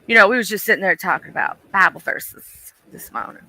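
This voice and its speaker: A man hosting a livestream, chatting and gossiping in a dishy, animated way. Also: sits high, brisk, rough recording. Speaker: livestream host. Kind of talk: casual livestream gossip chat.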